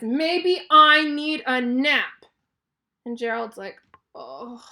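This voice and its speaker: A woman teacher reading a picture book aloud to children, explaining clearly and encouragingly and asking questions. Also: fairly high pitch, a bit bright.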